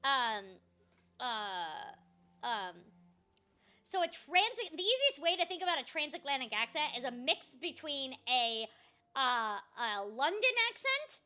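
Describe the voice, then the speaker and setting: While streaming a game, this voice actress talks casually and animatedly in a high, sharp-toned voice. She drops frequent ums and pokes fun at herself along the way.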